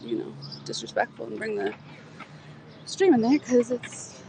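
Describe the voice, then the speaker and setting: A woman's voice: on the high side, huge pitch swings, a little slow, warm tone, low-quality recording. A woman chatting casually on a livestream outdoors, rambling, laughing and swearing as she talks. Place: outdoors in a community garden. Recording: faint outdoor noise.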